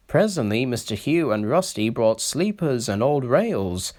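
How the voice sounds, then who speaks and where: Guy reading a kids' train story, lively up-and-down voice, middle pitch. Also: unhurried, few pauses. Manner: expressive, storytelling. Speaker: reader. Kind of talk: storybook narration.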